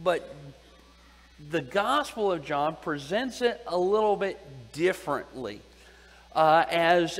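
Male preacher, high voice, unhurried, asks his congregation questions and repeats himself, long echo of a big hall. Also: fairly bright tone. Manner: deliberate, asks the audience questions and repeats key phrases. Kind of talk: Bible teaching sermon.

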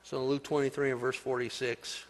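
A man preaching a sermon, building to loud, emphatic peaks and then dropping to soft, slow phrases. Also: mid-range voice, level tone. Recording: long hall reverb.

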